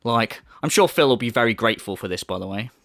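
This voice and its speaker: A man's voice: medium pitch, expressive, fast, vocal fry, a bit bright, dry recording, studio quality. A man giving an angry, profane commentary rant, mocking his subject as he goes. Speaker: commentary youtuber. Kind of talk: ranting commentary.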